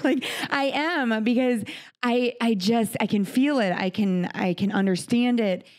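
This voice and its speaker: Her pitch is fairly high, her pace measured, her tone darkish. She's an American podcast host in a studio, speaking earnestly and from the heart about faith during a conversational interview.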